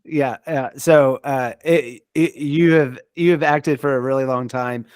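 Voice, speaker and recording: A man's voice: mid-range voice, fairly even intonation, a little slow, darkish tone, clean tone, no room sound, studio quality. Friendly male podcast host. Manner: friendly, hesitant with many fillers. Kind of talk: casual chat.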